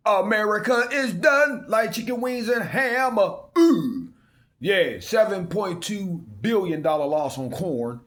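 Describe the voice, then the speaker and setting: A man preaching in an informal sermon, reading old scripture slowly and emphatically and breaking into slangy asides. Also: high-pitched, sing-song, fairly bright tone.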